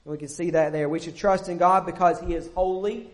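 A man preaching a sermon, emphatic and repetitive, with pauses and self-corrections. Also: fairly high pitch, fairly even intonation.

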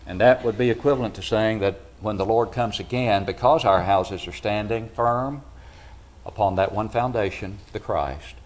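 Low-voiced preacher asking rhetorical questions. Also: male voice. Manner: asks the congregation rhetorical questions; swings from loud emphatic peaks to low quiet drops. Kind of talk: sermon. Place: church building.

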